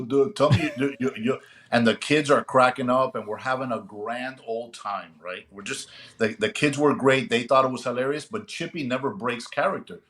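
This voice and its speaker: This is a middle-aged man, a retired police sergeant, spinning a story on a casual podcast. His pitch sits in the ordinary middle for a man. He talks in a lively, conversational way and keeps checking in with his listeners.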